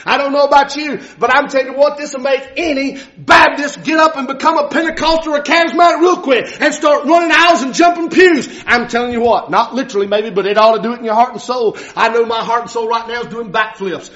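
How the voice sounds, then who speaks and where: A male preacher delivering a fervent, dramatic sermon, often shouting and acting out the voices of biblical figures. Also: extremely high pitch, quick pace, hardly any pauses. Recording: dull lo-fi recording.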